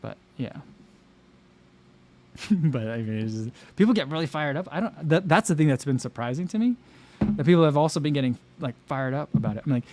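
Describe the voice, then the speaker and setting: Rambling American man, slightly high voice. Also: normal speed, long pauses. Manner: rambling, animated, lots of fillers and restarts. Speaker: livestream host. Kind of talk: casual livestream chat.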